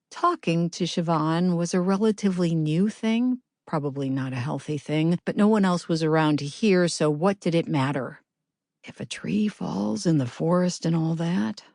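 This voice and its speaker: A woman narrating a novel as an audiobook reader, in a measured, gentle storytelling manner. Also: sits low, no echo, studio quality. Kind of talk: scripted narration.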